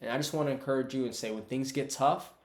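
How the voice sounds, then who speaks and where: A man's voice: medium pitch, fast talker, roomy sound. A man giving a casual, conversational Bible teaching online and calling his viewers "bro". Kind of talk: casual preaching to camera.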